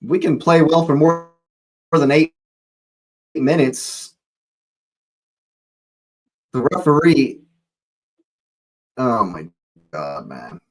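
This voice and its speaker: Male fan host, live match reactions, animated pitch, frustrated yells. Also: drawn-out words, long pauses, rough recording. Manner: excitable, swearing, exasperated outbursts. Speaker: football watch-along host.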